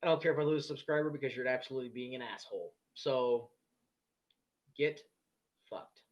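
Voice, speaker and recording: A man running a casual live stream, reading the chat aloud and firing back at trolls in a blunt, swear-heavy way. His voice sits at a middle pitch. The audio is a little dull and lo-fi, like ordinary stream sound. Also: brisk. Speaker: livestream host.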